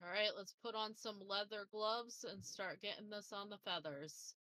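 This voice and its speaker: Calm woman player, dry close sound. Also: medium pitch, normal speed, no echo, poor audio. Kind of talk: casual tabletop play.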